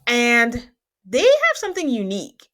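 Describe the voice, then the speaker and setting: A woman's voice: on the high side, wildly swooping pitch, measured pace, a bit bright, soft background music. A woman hosting a podcast, recapping a reality show in casual chat, teasing and laughing often.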